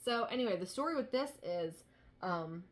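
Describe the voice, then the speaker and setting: A woman's voice: lowish voice, lively intonation, moderate pace. A woman chatting casually at home as a vlogger, rambling with many restarts and fillers while showing thrift finds. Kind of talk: casual chat. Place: home dining room.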